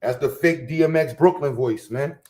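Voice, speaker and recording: A man from Harlem, hosting a casual livestream rant full of profane, boastful street slang and loud bursts. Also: medium pitch, moderate pace. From Harlem, New York. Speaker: livestream host.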